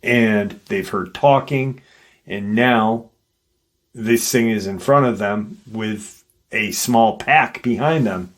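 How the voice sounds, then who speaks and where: Male storyteller, low voice, slow loose delivery, casual with profanity. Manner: unhurried, conversational, with fillers and swearing. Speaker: paranormal story narrator. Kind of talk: casual retelling of a listener's encounter.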